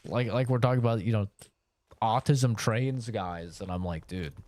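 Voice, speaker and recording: A man's voice: on the low side, normal speed, darkish tone, no echo. A young man streaming a game, telling a rambling, profane story in a casual chat full of fillers. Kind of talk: casual storytelling while gaming.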